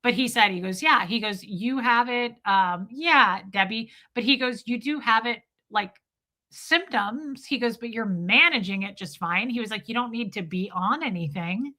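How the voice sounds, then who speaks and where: A woman talks casually to her livestream chat with a bright, sharp-edged voice. She tells a story in a self-mocking way and acts out each side of a conversation as she goes. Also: fairly high pitch, expressive, normal speed. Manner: chatty, self-mocking, acts out quoted dialogue. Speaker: streamer.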